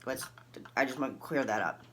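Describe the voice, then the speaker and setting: A woman's voice: brisk, a little hiss or hum. A woman casually telling a personal story, acting out the people in it with big jumps in her voice. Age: adult, recalls early twenties and has a son. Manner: animated, acts out dialogue with big pitch jumps.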